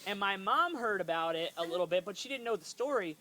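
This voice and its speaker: A woman with a mid-range, slightly bright voice tells a funny family story in a casual vlog, speaking fast and animatedly. She giggles often, says "like" constantly, and acts out quotes while friends chime in and laugh.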